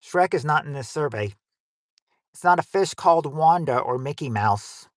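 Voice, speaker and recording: A man's voice: a little high, animated, normal speed, no echo, clean studio sound. A man hosting a family game night livestream, reading out survey answers with rambling jokes and crude wisecracks. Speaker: game show host.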